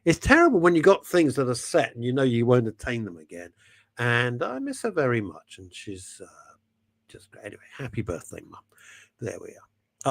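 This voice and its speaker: Animated, rambling male radio host. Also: medium pitch, normal speed, creaky, no echo. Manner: chatty, digressive, laughs at himself; reads out listener messages and names. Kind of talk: casual rambling radio chat.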